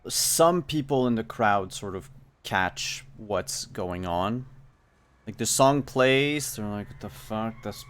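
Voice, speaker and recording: A man narrating as game master of a tabletop game, measured and thinking aloud with frequent ums. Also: on the low side, expressive, fairly bright tone.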